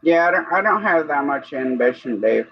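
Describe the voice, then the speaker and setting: A woman's voice: sits low, animated, normal speed, slightly rough, muffled recording. A woman hosting a live stream, chatting casually in an easygoing way with short replies. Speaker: host. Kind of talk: casual chat.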